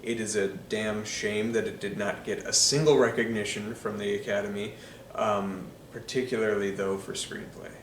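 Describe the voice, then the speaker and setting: A man's voice: on the low side, steady tone, normal speed, roomy sound, distant mic, a little hiss or hum. A man giving enthusiastic, casual movie commentary, full of ums and uhs. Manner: enthusiastic, filler-heavy with frequent ums and uhs. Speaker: film reviewer.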